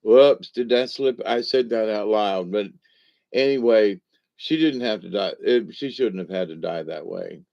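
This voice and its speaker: Slow, rambling older man. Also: fairly low pitch, creaky, dark tone. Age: 60s. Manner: folksy, meandering, digressive. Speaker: vlogger. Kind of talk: rambling casual monologue. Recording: dull lo-fi recording.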